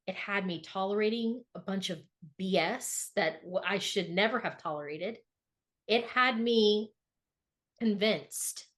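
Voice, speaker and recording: A middle-aged woman speaking earnestly and emphatically in a reflective podcast conversation, often repeating words for emphasis. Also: mid-range voice. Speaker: podcast co-host.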